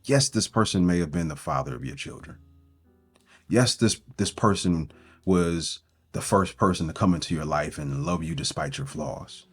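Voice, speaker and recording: A man's voice: low voice, moderate pace, husky, soft background music. A man speaking as a breakup coach in a motivational self-help talk. He is earnest and builds his points through strings of rhetorical questions.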